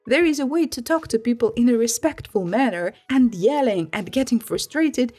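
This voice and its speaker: A woman reading online stories aloud in an expressive, lively storytelling manner. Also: on the high side, normal speed, faint music behind. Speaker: story reader.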